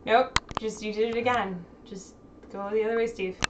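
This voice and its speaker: A woman's voice: medium pitch, steady tone, moderate pace, muffled recording, heavy background noise. A woman hosting a casual live stream from home, chatting and laughing while fixing technical problems. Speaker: streamer host.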